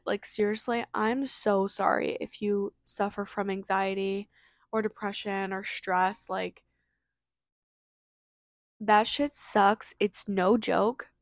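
Young woman, solo podcast host; fast, filler-heavy casual chat; dry close mic, mid pitch. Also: no echo. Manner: fast, chatty, lots of fillers.

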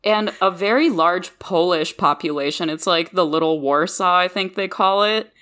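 A woman from the Midwest whose first language was not English talks on a casual podcast in a slightly low voice. She tells stories in an animated, chatty way. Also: normal speed. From Midwest of the United States. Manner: chatty, animated storytelling with laughs. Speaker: podcast co-host. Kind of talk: casual chat.

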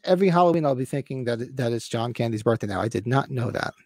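A man's voice: medium pitch, expressive, fast talker, a little mellow, no room sound. A man in his fifties hosting a casual podcast, talking with rambling enthusiasm and swearing freely. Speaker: podcast host.

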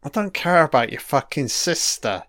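A man's voice: a little high, very animated, normal speed, a bit bright, dry recording. A man giving a profane, sarcastic ranting commentary while watching a TV episode.

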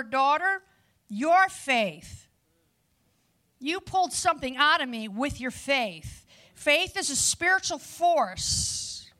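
High bright energetic woman preacher. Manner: energetic and lively, chatty asides to the audience. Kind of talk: sermon. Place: before a live audience.

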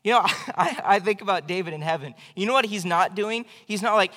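A man's voice: sits high, expressive, a little fast, hardly any pauses, bright, forceful tone. A male pastor preaching an evening church sermon in a conversational, emphatic way. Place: church sanctuary. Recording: long hall reverb.

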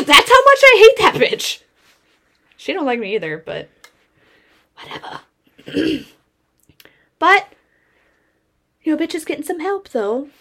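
A woman's voice: a little high, fairly bright tone. A young woman podcast co-host telling a work story in casual chat, blunt and swearing constantly as she vents. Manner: heavy swearing, blunt and venting.

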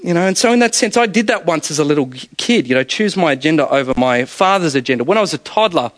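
A man delivers an evening sermon, chatty and full of stories, laughing often. His voice sits high for a man. The sound is dry and close. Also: expressive, fast, a bit bright, no room sound. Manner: storytelling, conversational, laughs often. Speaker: preacher.

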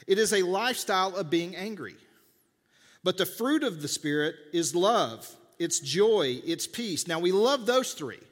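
A middle-aged man preaching a sermon as a pastor, animated and jokey, pushing his voice up for emphasis. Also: high voice, a little slow. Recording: long hall reverb.

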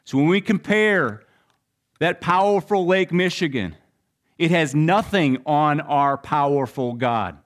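A young adult man preaching a sermon, telling the story with shifts between loud and hushed delivery. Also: a little high, lively intonation, slow. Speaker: pastor.

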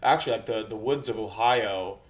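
Man co-host, slightly low voice, rambling, filler-heavy and loose. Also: fairly quick. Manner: rambling with many fillers and casual swearing. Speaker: podcast co-host. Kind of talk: casual chat.

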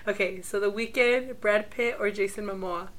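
Bright, scatterbrained woman podcaster. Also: medium pitch, steady tone, normal speed. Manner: scattered, hesitant, swears. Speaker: podcast co-host. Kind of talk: casual chat. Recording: harsh mic, faint room noise.

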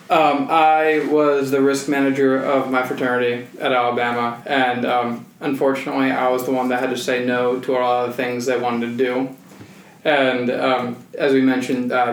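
Hesitant young guest in a roomy echo. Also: male voice, medium pitch, fairly bright tone. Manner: hesitant, many fillers, dry humor. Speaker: guest, law student. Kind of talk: casual chat.

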